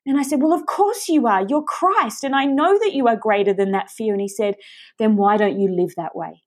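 A woman's voice: a little high, moderate pace. Passionate woman preaching a sermon. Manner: passionate, emphatic, direct address to listeners.

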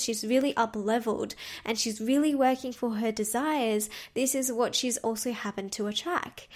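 Woman, solo podcast host; casual, upbeat, a touch high-pitched, laughs at her own flubs. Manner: frequent filler "like".

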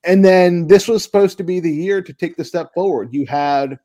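A man's voice: high-pitched, normal speed, dark tone, no echo. Opinionated man in a dry, close sports chat. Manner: opinionated, repeats words while thinking. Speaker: podcast co-host. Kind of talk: casual sports talk.

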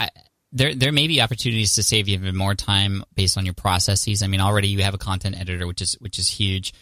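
Deep-voiced male podcast host. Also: fairly even intonation, fast, sharp tone, no room sound, clean studio sound. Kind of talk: casual podcast interview.

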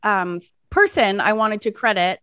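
A woman in her forties, co-hosting a podcast in casual chat, talking in an animated, rambling way with frequent laughs. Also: medium pitch, a little slow, clear, resonant tone, dry recording, clean studio sound. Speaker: podcast co-host.

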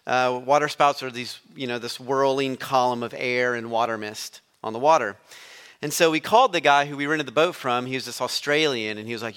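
A man gives a sermon as a visiting preacher. His voice is bright and forceful. He speaks conversationally and leans on storytelling. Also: medium pitch, smooth. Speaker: guest preacher.

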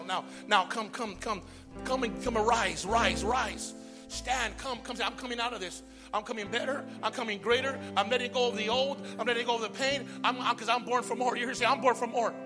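A man preaching a sermon as pastor, calling to the congregation and swinging from shouts to hushed prayer. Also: sits high.

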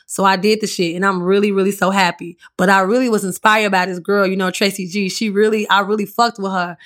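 Raspy, bright-voiced woman podcaster. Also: medium pitch, level tone, a little fast. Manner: candid, profane, chatty storytelling. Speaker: podcast host. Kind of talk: casual solo podcast monologue.

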